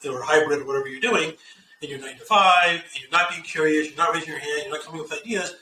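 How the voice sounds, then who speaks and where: Middle-aged guy giving career advice, animated, bright voice, sounds a bit far from the mic. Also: a little high, fast, slight background noise. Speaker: guest executive. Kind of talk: casual interview chat. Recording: echoey room, off-mic, faint ambience.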